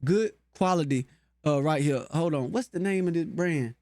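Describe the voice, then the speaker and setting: A talkative man with a runs a casual guitar lesson and chats with his viewers in a folksy way. His voice sits high for a man. The sound is dry and close, with no room echo. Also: moderate pace, mellow. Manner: chatty, folksy and talkative, addresses viewers directly. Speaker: guitar teacher and channel host.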